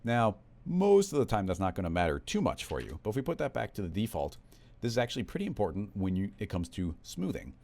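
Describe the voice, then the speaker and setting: A man walking through a software tutorial in a relaxed, conversational step-by-step way. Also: fairly low pitch, fast, creaky. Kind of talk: screen-recorded software tutorial.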